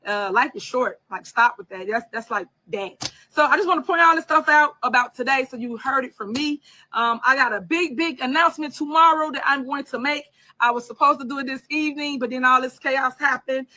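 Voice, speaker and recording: Bright-voiced woman politician, defiant. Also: high-pitched. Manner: measured, filler-laden, defiant. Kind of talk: political address to viewers.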